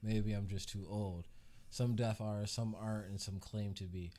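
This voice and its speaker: A man with a lowish voice hosts a live reaction stream. He talks in casual, blunt commentary, swears freely and breaks into laughing asides. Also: fairly even intonation, moderate pace, dark tone. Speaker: live reaction show host.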